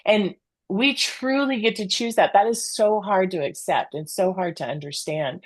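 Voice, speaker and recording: A woman's voice: medium pitch, moderate pace, no room sound. A woman guest talking in a casual chat, earnest and reflective, giving motivational advice.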